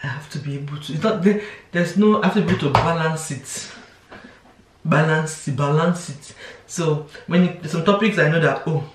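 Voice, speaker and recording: A woman's voice: deep voice, normal speed, slight background noise. A young woman, chatting casually to camera as a vlogger. She restarts her sentences often and slips into quoted voices. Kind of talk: casual confessional chat to camera. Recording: roomy, voice from a distance.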